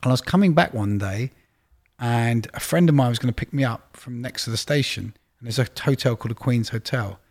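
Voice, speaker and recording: A middle-aged man, a guest telling anecdotes in a relaxed interview, chatty and prone to playful exaggeration. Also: mid-range voice, brisk. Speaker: record label executive, guest. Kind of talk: casual interview storytelling.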